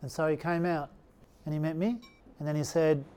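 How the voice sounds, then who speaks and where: A middle-aged Australian man telling a personal story in a relaxed, anecdotal way, acting out the quotes. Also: fairly high pitch, moderate pace, slight background noise. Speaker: speaker telling his story. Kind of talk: storytelling talk.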